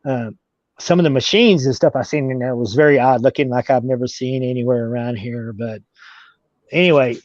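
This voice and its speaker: A man's voice: mid-range voice, brisk, darkish tone, no room sound. Rambling man on a muffled recording. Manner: rambling, with many restarts. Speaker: interview guest. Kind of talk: casual storytelling. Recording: dull lo-fi recording.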